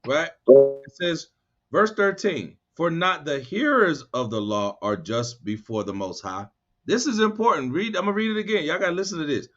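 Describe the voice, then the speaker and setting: A man leading a bible study, reading verses slowly and then explaining them in loose, animated street talk. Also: fairly high pitch. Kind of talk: scripture study teaching. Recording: dull lo-fi sound.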